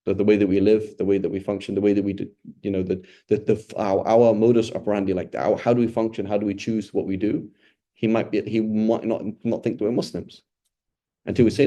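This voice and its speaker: Low, very mellow male religious teacher. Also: level tone, brisk. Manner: conversational, asks rhetorical questions, often adds "right?". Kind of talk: informal Quran study talk.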